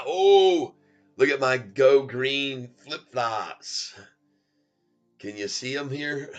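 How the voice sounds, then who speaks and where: A man's voice: mid-range voice, very slow, a bit bright. A man giving playful live commentary on his stock trades, laughing often and chanting goofy little rhymes. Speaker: stock trading streamer. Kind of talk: casual live trading commentary.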